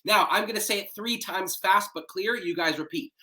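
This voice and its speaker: A man leading a public speaking warm-up workshop, coaching breathing and voice exercises with an energetic manner and a slightly cracking voice. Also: high voice, moderate pace. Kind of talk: live-streamed warm-up workshop.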